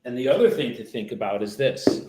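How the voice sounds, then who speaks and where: A man's voice: medium pitch, big pitch swings, a little fast, noisy background. A man from the United States, a real estate agent, making cold calls and chatting casually between them, profane and joking. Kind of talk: livestreamed cold calling with running commentary.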